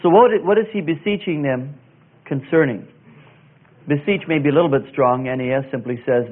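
A man teaching verse by verse through a Bible passage, slow and deliberate, pausing with fillers and spelling out Greek words. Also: on the high side. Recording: tinny phone-like sound.

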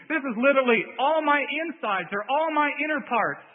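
High-voiced preacher on a tinny line. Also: male voice, expressive, fairly quick, hardly any pauses, husky. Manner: earnest, repetitive emphasis with "see". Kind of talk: sermon. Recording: phone-like audio in a long-reverb hall.

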